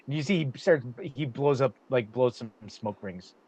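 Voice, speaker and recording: A man's voice: mid-range voice, normal speed, darkish tone, a little hiss or hum, poor audio. A man running a tabletop game as game master, narrating loosely with lots of fillers.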